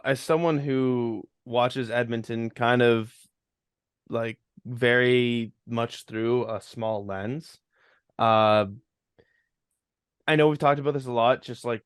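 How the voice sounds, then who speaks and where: A man co-hosting a casual sports podcast, relaxed and loose with fillers. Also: medium pitch, slow pace, clear, resonant tone, no echo, studio quality. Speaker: podcast co-host.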